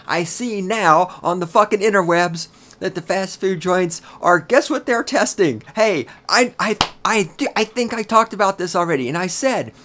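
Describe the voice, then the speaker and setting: A man hosting his own podcast in a solo rant, swearing heavily and talking in a loud, heated way. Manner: profane, ranting, heavy swearing; loud and heated, then lower and grumbling. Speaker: podcast host.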